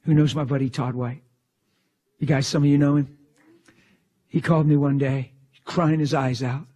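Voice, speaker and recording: A male preacher delivering a fervent sermon in a husky voice, swinging from exclamations down to hushed whispers. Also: fairly high pitch, steady tone, normal speed, pauses often.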